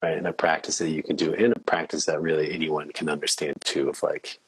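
Deep husky man, earnest podcast guest. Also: level tone, fast talker, no echo, low-quality recording. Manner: earnest, reflective, laughs easily. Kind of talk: casual interview chat.

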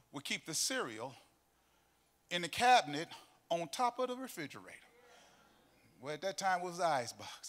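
A middle-aged man preaching a sermon in a church. He tells stories and breaks into sung, shouted cadences, with faint music behind him. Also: on the high side. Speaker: pastor. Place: church sanctuary.

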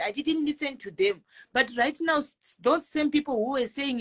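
A young woman with a Zimbabwean accent chatting casually on a live stream, reading viewer comments and giving a loud, self-assured pep talk that mixes English and Shona. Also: high-pitched, moderate pace, poor audio. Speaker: social media personality doing a live stream.

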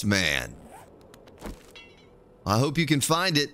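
A man's voice: mid-range voice, big pitch swings, measured pace, long pauses, very noisy. A male game streamer giving live gameplay commentary, talking playfully to himself and to his viewers in the chat.

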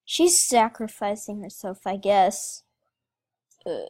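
Here a woman narrates her gameplay for viewers, speaking emotionally as a gaming video creator. The voice sits in the mid range, a little mellow, slow and broken by long pauses.

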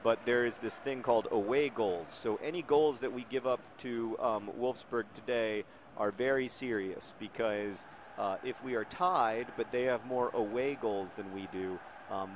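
A man's voice: fairly low pitch, unhurried, slight background noise. Man rambling through jokey game commentary. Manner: rambling, jokey, deadpan asides. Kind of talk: casual gameplay commentary.

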